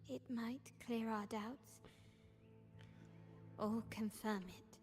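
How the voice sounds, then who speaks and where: An actress voicing a poised young noblewoman and family heir in a video game, speaking in a composed, measured, commanding way. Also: fairly high pitch, fairly even intonation, a little mellow, faint music behind. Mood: calm resolve.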